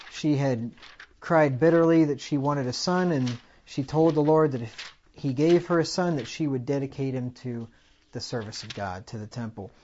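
A man's voice: mid-range voice, slight background noise. Lo-fi conversational male preacher. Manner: conversational, loud swells when quoting scripture. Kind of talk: expository sermon.

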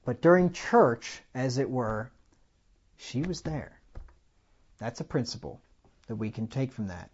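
A man preaching a sermon with animated delivery, rising loud on key points and asking the congregation rhetorical questions. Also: mid-range voice, measured pace, long pauses, husky, muffled recording.

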